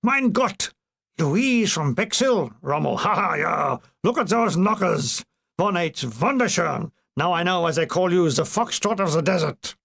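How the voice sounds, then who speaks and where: A pompous German field marshal with a heavy put-on accent and a gloating, leering manner, as a man puts him on. The voice sits fairly high and gleefully lecherous. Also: lively intonation, measured pace, creaky, fairly bright tone, full character voice.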